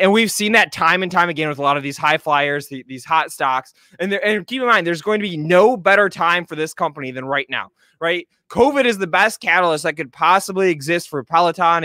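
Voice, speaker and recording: A man hosts casual live market talk, chatty and joking, stumbling over his words with lots of fillers. His voice is high, bright and forceful, heard dry and close. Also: dry recording. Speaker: show host, stock commentator.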